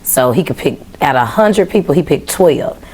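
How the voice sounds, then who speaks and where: Lively chatty young woman storyteller. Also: deep voice, normal speed, husky. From US South. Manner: animated, chatty, mimics voices while telling stories. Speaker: guest singer. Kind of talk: casual storytelling.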